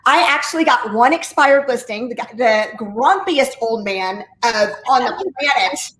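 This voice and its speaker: An enthusiastic real estate agent, chatting casually as an interview guest, shares her story with plenty of energy. Her high, slightly bright voice has lively intonation and an unhurried pace, recorded in a roomy echo with a little hiss or hum.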